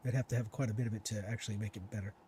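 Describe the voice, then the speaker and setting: A man's voice: lowish voice, steady tone, very fast, dark tone, slightly rough. A man giving casual let's-play commentary, chatting to himself and teasing enemies as he plays. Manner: chatty, talks to himself and to enemies while playing. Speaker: gaming streamer.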